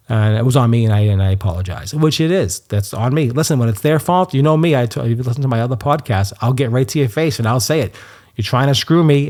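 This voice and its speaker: A man hosting a solo podcast, chatty and animated, who often restarts his sentences and gets worked up when he rants. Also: medium pitch. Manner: chatty, restarts a lot, gets fired up ranting. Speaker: podcast host.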